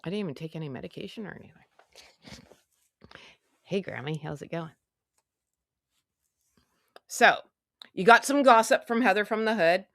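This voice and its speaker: A woman's voice: mid-range voice, expressive, moderate pace, creaky, long pauses, a bit bright, no room sound, studio quality. A woman hosting a casual livestream, chatty and self-mocking, muttering to herself as she goes. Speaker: livestream host.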